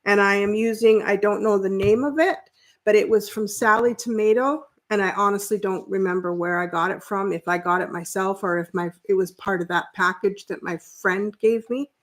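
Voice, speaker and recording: A woman hosting a sewing livestream, chatting casually with viewers as she works and thinking out loud with fillers and restarts. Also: mid-range voice, moderate pace. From Canada.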